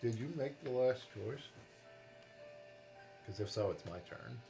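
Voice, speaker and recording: A man narrating a tabletop fantasy game as game master on a live stream, in a steady storybook manner. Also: medium pitch, measured pace, soft background music.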